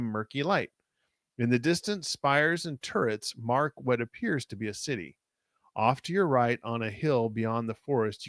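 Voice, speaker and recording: A man co-hosting a live podcast, reading a gamebook aloud in a relaxed way and talking to the chat. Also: mid-range voice, no room sound, clean studio sound. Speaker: podcast co-host. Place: live online show.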